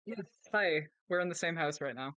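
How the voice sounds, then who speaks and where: Smooth-voiced player, dry and close. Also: medium pitch, moderate pace, fairly bright tone, dry recording. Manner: brief, casual replies. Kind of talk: tabletop game play.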